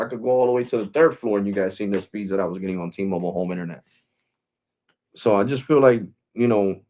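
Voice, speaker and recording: Tech vlogger, male, lowish voice, loose street-casual delivery, muffled home recording. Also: a little mellow. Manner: loose, slangy and repetitive. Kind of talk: casual talk to camera. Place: his home.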